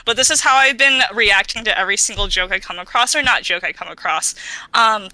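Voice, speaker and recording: Chatty woman cohost rambling on a podcast, super bright voice, dry close sound. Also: mid-range voice, a little fast, no echo, low-quality recording. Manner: rambling, with many fillers and restarts; outgoing and chatty. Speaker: podcast co-host. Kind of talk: casual chat.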